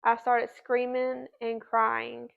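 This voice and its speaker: Woman, 30s, raspy vocal fry, slightly high, earnest and chatty, muffled lo-fi sound. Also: completely flat delivery. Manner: chatty, earnest, quick storyteller. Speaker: guest. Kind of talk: candid personal story.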